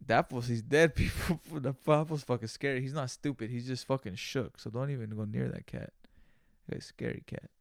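Gravelly, profane man ranting high. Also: normal speed, no room sound, studio quality. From United States. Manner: profane, loose, slangy ranting. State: high on cannabis. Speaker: solo podcast host. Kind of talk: casual rambling monologue.

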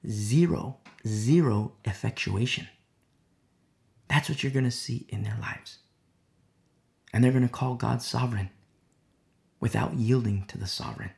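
A man preaching a sermon in a loose conversational way with many fillers, dropping to a hushed voice when he prays. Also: mid-range voice, measured pace, vocal fry, long pauses. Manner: many fillers, acts out quoted people. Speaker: pastor.

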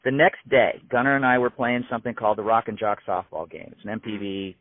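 A man in his fifties, a musician guest telling an emphatic, animated story in casual conversation, heard over a tinny phone-like line. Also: lowish voice, fast, dry recording. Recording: tinny phone-like dry sound.

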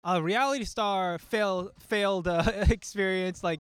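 A man's voice: high-pitched, measured pace, fairly bright tone, smooth, no room sound. A man chatting casually, full of "like" and "you know," laughing easily, recorded on a studio mic. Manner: filler-heavy, laughing. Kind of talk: casual chat.

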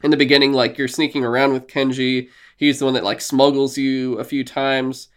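Brief: podcast co-host, male, loose and animated, slips into characters' voices. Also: mid-range voice, normal speed, clear, resonant tone. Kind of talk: casual video game discussion.

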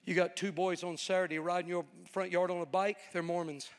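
A man's voice: high-pitched, level tone, fairly quick, clear, resonant tone. A man preaching a storytelling sermon, folksy and conversational, swelling into a fervent preaching cadence. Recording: long reverb of a large hall.

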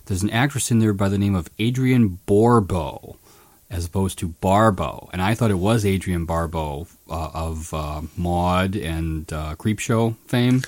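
Rambling podcast co-host reviewing a movie. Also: male voice, deep voice, measured pace, no echo. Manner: rambling, many restarts and "uh"s, gets animated telling scenes. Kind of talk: casual movie review chat.

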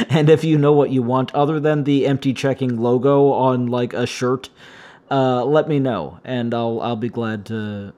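A man hosting a solo podcast, his voice slightly hoarse and shaky, rambling and wryly complaining as he talks. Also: medium pitch, dark tone. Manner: meandering, self-interrupting, wry complaints. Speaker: podcast host.

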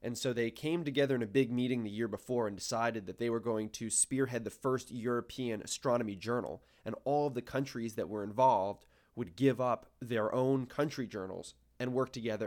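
Wry young man explaining research. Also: medium pitch. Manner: explanatory, wry and self-deprecating. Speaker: podcast co-host, planetary science grad student. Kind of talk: casual podcast explanation.

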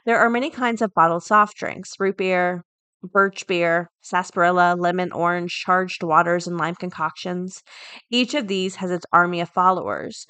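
A woman hosting a daily podcast, chatting casually and reading an article aloud, thinking out loud as she goes. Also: fairly low pitch, fairly even intonation, normal speed, smooth, no echo. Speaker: podcast host.

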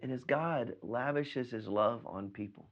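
A man's voice: mid-range voice, unhurried, muffled recording. A man preaching a sermon as pastor, earnest and given to repeating words as he stresses a point. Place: preached by video from home during quarantine.

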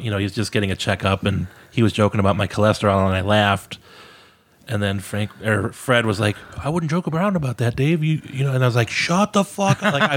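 A man with a slightly low voice tells a story in casual podcast chat. He is candid and pokes fun at himself, and a laugh keeps slipping into his words. He speaks into a podcast microphone in a room at home. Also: fairly bright tone. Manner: candid, self-mocking, laughs while telling. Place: room in a house.

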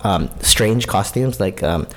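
Low-voiced, crude, rambling podcast guy. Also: slow. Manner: rambling, crude jokes, many fillers. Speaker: podcast co-host. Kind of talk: casual chat, storytelling.

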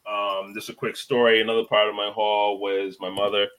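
A man in his forties chatting casually on a podcast, telling an animated story, acting out quotes and laughing often. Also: on the low side, normal speed. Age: 40s. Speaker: podcast host.

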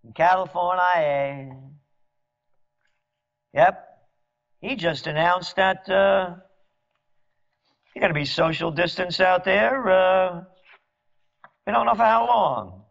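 A man delivering a sarcastic, mocking monologue as a commentator, at times rising to shouts. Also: high-pitched, slow, vocal fry, long pauses. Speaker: trend forecaster and commentator. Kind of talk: ranting monologue. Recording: dull lo-fi audio.

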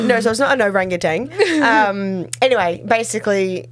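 A woman's voice: medium pitch, moderate pace, hardly any pauses. A woman, co-hosting a podcast and retelling a TV episode in casual chat, giggling often and acting out the lines. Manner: giggly, animated retelling with acted quotes. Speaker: podcast co-host.

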